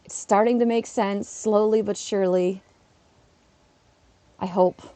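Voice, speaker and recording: A woman's voice: mid-range voice, steady tone, a little slow, mellow, no echo. A woman, a schoolteacher, chatting casually on a live stream while playing, laughing often and talking back to her chat. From Canada.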